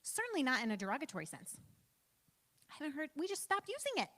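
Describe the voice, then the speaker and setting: A fairly high, lively woman's voice in her thirties, talking casually through a church training. Her pitch leaps around as she jokes at her own expense and fills gaps with "like" and "um". She sounds like a pastor teaching a room, conversational rather than preachy. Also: quick pace. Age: 30s. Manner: chatty, self-deprecating, frequent "like" and "um".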